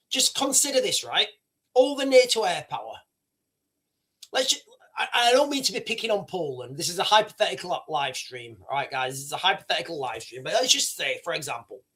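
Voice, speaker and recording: A man hosting a casual live stream, talking to his chat in an animated way, repeating himself and calling viewers guys. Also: high-pitched. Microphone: streaming setup microphone.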